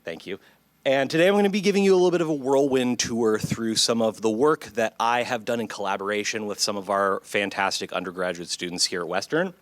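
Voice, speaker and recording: A man who is a psychology professor, presenting his research at a conference in a clear, measured lecturing manner that engages the audience. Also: fairly low pitch, no room sound. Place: lecture hall.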